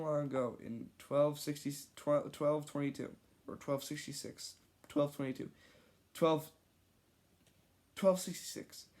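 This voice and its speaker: Slow, amused reader of childhood writing. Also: medium pitch, vocal fry, darkish tone. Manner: amused, stumbling over childish handwriting. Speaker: reader of own childhood stories. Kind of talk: casual read-aloud with joking asides.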